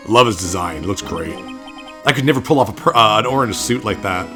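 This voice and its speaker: A man's voice: fairly low pitch, expressive, brisk, over music. A man giving chatty, enthusiastic commentary while playing through a game. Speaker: let's play host.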